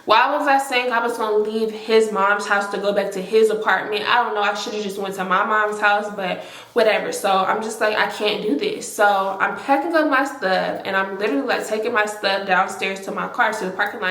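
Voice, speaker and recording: A woman's voice: medium pitch, fairly even intonation, a little fast, fairly bright tone. A young adult woman telling a personal story to her viewers in casual storytime narration, chatty and filled with "like". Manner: chatty, talks to viewers directly, heavy filler use. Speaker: storytime vlogger. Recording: echoey room.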